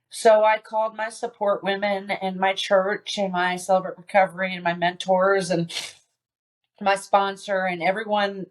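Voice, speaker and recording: On a podcast, a female guest with a rather low voice relates something that happened to her. She stumbles along haltingly, using many fillers and starting over often.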